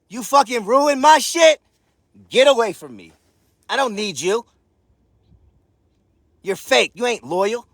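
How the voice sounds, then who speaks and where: High-pitched gravelly man ranting. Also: no echo, clean studio sound. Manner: profane, defiant, often shouting. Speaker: social media creator. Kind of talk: ranting monologue to his followers.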